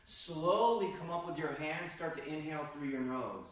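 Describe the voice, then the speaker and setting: Male qigong teacher, calm instructional delivery, recorded far off in a roomy space. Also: a little high, normal speed. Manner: calm, guiding, demonstrates breathing sounds. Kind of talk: instructional demonstration. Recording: very echoey room, distant mic.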